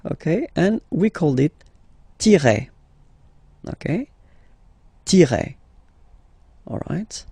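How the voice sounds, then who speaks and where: A man's voice: medium pitch, gravelly, warm tone, no echo, studio quality. A man teaching a language lesson, patient and repetitive, checking in with "okay?" after each point. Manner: patient, repeats words slowly and checks with "okay?". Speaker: French teacher.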